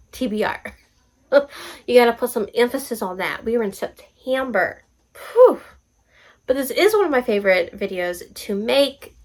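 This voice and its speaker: A young woman hosting a casual book vlog, bubbly and excitable, often laughing at herself. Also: fairly high pitch, poor audio. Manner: bubbly, excitable, self-mocking. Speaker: booktube host.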